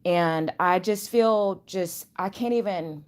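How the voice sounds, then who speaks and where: Woman, low voice, casual vlog, slangy, rambling, animated. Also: slow pace. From Chicago area. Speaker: channel host. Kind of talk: casual spiritual vlog chat. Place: home.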